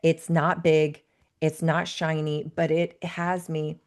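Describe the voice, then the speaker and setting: A woman in her thirties guests on a podcast as a life coach. Her voice sits a little low, and she talks in an earnest, reflective way, sharing stories at a steady conversational pace. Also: takes it slowly. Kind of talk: conversational interview.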